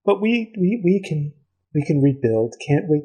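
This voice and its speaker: A scheming elf woman pours out syrupy, fake grief, put on by a man. Her voice is husky and her tears are plainly for show. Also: fairly high pitch, sing-song, normal speed, warm tone, voice pushed up, low-quality recording. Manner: fake sobbing, syrupy sweet.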